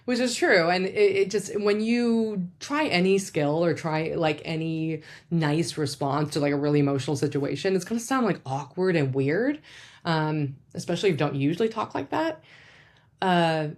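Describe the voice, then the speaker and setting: A woman psychologist explaining things in a casual, chatty way, full of fillers and asides. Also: moderate pace. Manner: acts out quoted speech with big pitch jumps. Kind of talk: casual educational talk.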